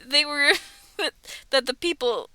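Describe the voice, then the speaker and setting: Giggly high-voiced young woman streamer. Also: measured pace, bright, forceful tone, no room sound. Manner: rambling, giggly, drops into whispers. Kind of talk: casual chat on a livestream. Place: bedroom.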